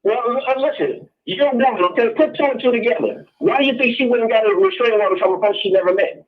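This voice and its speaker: A man with a very high voice calls in over a dull, lo-fi phone line. He is blunt and profane, circling back to the same points again and again in a heated call-in talk. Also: fast talker. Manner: blunt, profane, repeats himself. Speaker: caller.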